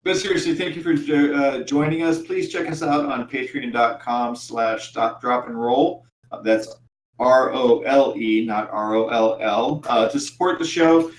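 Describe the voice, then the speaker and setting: A man's voice: medium pitch, steady tone, measured pace. A man narrating a tabletop game as game master, hesitant and full of ums and uhs. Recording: roomy echo, faint background hum.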